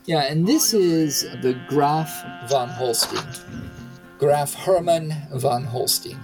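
A man's voice: on the high side, expressive, slow pace, poor audio. A man narrating and running a tabletop role-playing game as game master. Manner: plays several characters with voices. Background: music.

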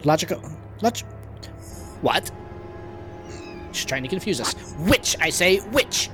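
Frog guard in conquistador armor, pompous and blustering, high squeaky voice with wild swoops, flusters fast; a man puts it on for a tabletop game. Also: very animated, music in the background, exaggerated voice. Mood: flustered.

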